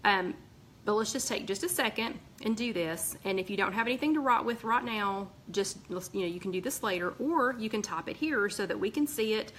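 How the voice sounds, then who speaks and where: A woman's voice: medium pitch, fairly quick, slight background noise, rough recording. A woman with a Southern American accent hosting a casual live chat, talking in a chatty way with many ums and a slightly tired voice. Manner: chatty, warm asides, frequent ums and restarts. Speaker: host of a weight-loss group live chat. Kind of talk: casual live-stream chat reading viewer comments.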